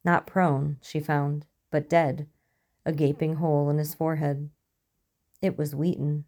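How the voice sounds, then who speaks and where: A woman narrating a story in an even, measured way. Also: low voice.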